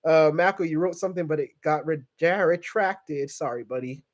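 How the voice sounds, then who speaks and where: A man's voice: on the high side, moderate pace. A young man hosting a casual livestream, reading viewer comments and chatting in a rambling, joking way with tangents. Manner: rambling, jokey, trails off into tangents. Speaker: livestream host.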